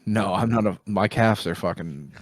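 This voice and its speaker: A man's voice: on the low side, normal speed, dry recording. A man co-hosting a podcast in casual chat, blunt and swearing often, stumbling over restarts as he makes his points. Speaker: podcast co-host.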